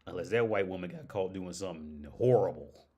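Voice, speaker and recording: A young man hosting a casual livestream, swearing freely and breaking into loud laughs. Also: sits low, brisk. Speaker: livestream host.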